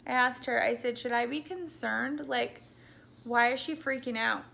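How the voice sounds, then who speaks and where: Speaking at a normal speed, this young woman has a slightly high, bright, forceful voice with vocal fry. Her birth story comes out loose and rambling, packed with ums and likes and frequent backtracking, and she sometimes gets tearful as her voice cracks.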